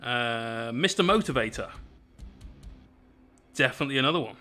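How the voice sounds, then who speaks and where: A man's voice: mid-range voice, animated, normal speed, bright, forceful tone, soft background music. A man hosting a casual painting live stream, bantering with his chat and explaining each step as he works.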